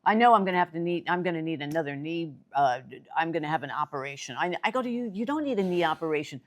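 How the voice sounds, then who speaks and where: An older woman from New York City, co-hosting a casual chat and telling stories with lively, rising excitement. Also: fast talker. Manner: animated storyteller, voice jumps high when excited. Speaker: co-host.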